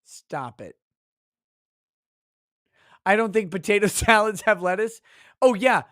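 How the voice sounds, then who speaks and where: A man's voice: high voice, steady tone, moderate pace, bright, forceful tone, dry recording. A man holds forth on a livestream in a loose, profane rant. He is mocking and exasperated, swearing freely. The sound is dry, with no room around it. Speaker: livestream host.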